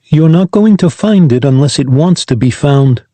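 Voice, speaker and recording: A male narrator voicing a calm, cautious woman in a science fiction audiobook. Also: a little high, moderate pace, no room sound, pitched above the performer's own voice. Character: calm woman, sister of an alien.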